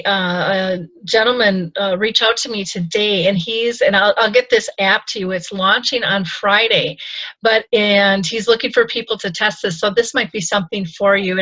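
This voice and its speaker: A woman's voice: mid-range voice, bright, forceful tone, no echo. Chatty middle-aged woman host, dry lo-fi sound. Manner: chatty, full of fillers and restarts. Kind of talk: casual interview chat.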